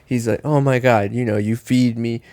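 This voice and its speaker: A man's voice: mid-range voice, fairly even intonation, moderate pace, darkish tone, smooth, no echo, studio quality, close to an everyday voice. A man voicing a lonely farmer who pours out his feelings to his pig, tender and pleading.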